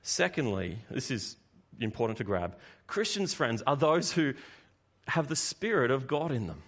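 Man, preacher, sermon, animated, conversational, shifting volume. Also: medium pitch, normal speed, breathy edge. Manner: animated, swinging between loud emphasis and quiet asides.

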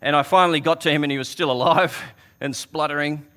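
A man's voice: on the high side, steady tone, brisk, sharp tone. A man preaching a sermon, earnest and conversational, often restarting his words as he tells a story.

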